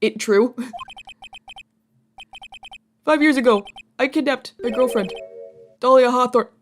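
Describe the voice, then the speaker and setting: Game dub: dopey male prisoner, broken English, pitched up and loud woman voicing. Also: huge pitch swings, soft background music, exaggerated voice. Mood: pleading. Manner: slow, blunt broken English.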